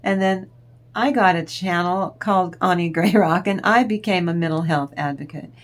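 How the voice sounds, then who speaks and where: A woman's voice: lowish voice, moderate pace. A woman hosting her own tarot channel, talking to viewers in a rambling, chatty way that drifts off topic. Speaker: tarot reader and channel host. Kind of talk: casual spiritual talk to viewers.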